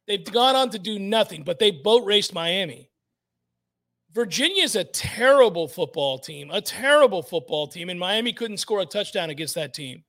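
A man's voice: sits high, expressive, moderate pace, fairly bright tone. A man hosting sports talk radio, blunt and emphatic, repeating points for effect.

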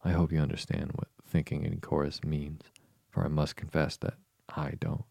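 A man narrating an audiobook in a measured, even way. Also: a bass voice, vocal fry, dry recording.

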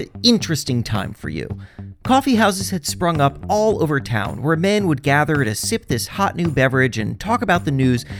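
A man's voice: fairly high pitch, very animated, moderate pace, faint music behind. A man hosting a podcast, narrating a scripted history story in a wry, jokey way. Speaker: podcast host.

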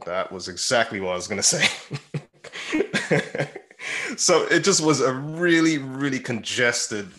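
Bright-toned man chatting about football. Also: mid-range voice, animated, a little slow. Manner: rambling, laughs often, many fillers. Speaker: podcast co-host. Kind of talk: casual chat about football.

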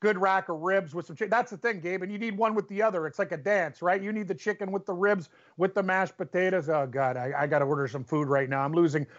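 High-voiced agreeable podcast co-host man. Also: steady tone, fast talker, hardly any pauses. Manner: agreeable, chatty, frequent "yeah". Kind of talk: casual chat. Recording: dull lo-fi audio.

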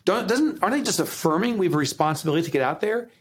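A man's voice: sits high, rapid-fire, few pauses, slightly rough. A man with a New Jersey accent, a guest author talking emphatically in a podcast interview. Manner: emphatic, animated, motivational.

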